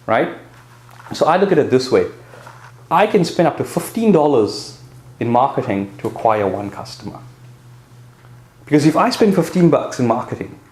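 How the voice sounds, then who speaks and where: A man's voice: medium pitch, darkish tone. South African man coaching in a roomy echo. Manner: direct, punchy, keeps checking in with "right?". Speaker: fitness business coach. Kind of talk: marketing seminar talk.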